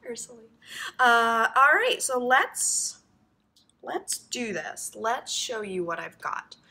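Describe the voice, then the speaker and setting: A woman's voice: on the high side, very animated, slow pace, vocal fry, bright, forceful tone. A woman hosting a knitting podcast, chatting to camera in a gushing, rambling way full of ums and likes. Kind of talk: casual chat to camera.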